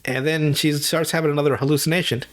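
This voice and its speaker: A man hosting a podcast, retelling a show in a rambling, profane, animated way. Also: a little high, fast talker. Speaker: podcast host. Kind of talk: casual show recap.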